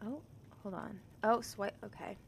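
A woman's voice: mid-range voice, measured pace, gravelly, slight background noise. A woman streamer chatting casually and rambling in an upbeat way during game role-play.

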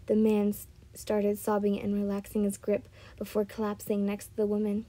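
A woman's voice: medium pitch, completely flat delivery, normal speed, few pauses, warm tone, poor audio. A woman reading fan fiction aloud, often stumbling and correcting herself. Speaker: storyteller.

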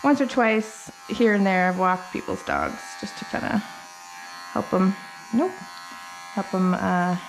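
In a mid-range voice with huge pitch swings, a young woman talks unhurriedly and pauses often as she grooms a dog for a casual vlog. She explains her steps chattily and baby-talks to the dog between them. The camera mic set up in the grooming room picks up the hair dryer and electric clippers running behind her.

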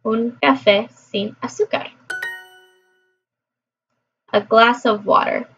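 A woman records a casual practice vlog, sounding out phrases and talking to her viewers in an easy, chatty way. Her voice sits a touch high and moves at an unhurried pace. The recording is dull and lo-fi. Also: steady tone, a bit bright, soft background music. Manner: chatty, repeats app phrases aloud. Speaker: language learner vlogger. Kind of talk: casual chat.

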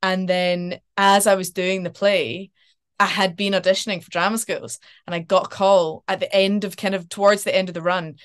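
An actress chatting as a podcast guest, animated and storytelling, with casual swearing. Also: female voice, mid-range voice, moderate pace, clear, resonant tone. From Scotland. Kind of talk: casual interview chat.

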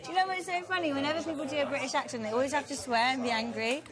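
A woman's voice: high voice, steady tone, racing, crowd noise. A woman from California with a Southern Californian accent, chatting playfully and giggling. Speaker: reality show contestant. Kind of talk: casual chat.

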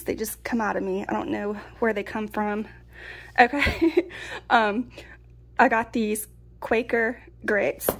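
A woman, chatting casually through a food haul. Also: mid-range voice. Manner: chatty, folksy, laughs often. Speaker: prepping vlogger. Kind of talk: casual pantry haul chat.

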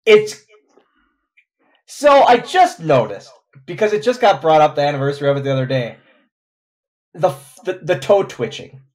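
A man hosting a casual chat podcast, halting and self-mocking as he talks. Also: a little high, very animated. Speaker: podcast host.

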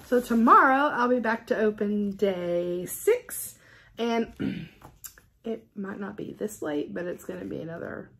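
A middle-aged woman vlogging at home in a casual unboxing chat, gushing and excitable. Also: medium pitch, gravelly. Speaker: stitching vlogger. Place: at home with a cat.

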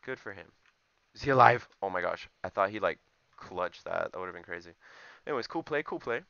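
Gravelly young man, joking game commentary. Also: low voice, animated, brisk, pushed and bright, dry recording, highs cut off. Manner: joking, rambling, talks to viewers. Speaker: gaming YouTuber. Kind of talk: casual gameplay commentary.

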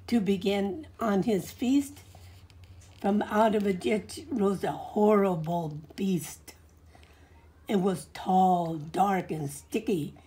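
A woman in her forties from California, USA, with a medium-pitched voice, reads a picture book aloud to a child. She pauses gently to point things out and ask questions.

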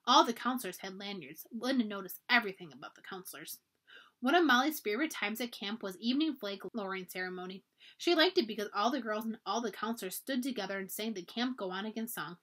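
A woman, a librarian, reading a children's chapter book aloud with expressive storytelling. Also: mid-range voice, fast.

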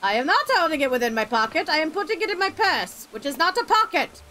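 A woman voicing a pedantic female rules lawyer, speaking slowly and over-precisely. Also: high-pitched, sing-song, sharp tone, slight background noise, exaggerated voice. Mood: smug. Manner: slow, formal, over-precise.

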